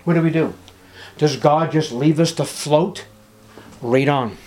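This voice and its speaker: Scripture read aloud, dramatic pauses and impassioned delivery mark this sermon by a middle-aged pastor. He speaks in a slightly high, slightly mellow voice.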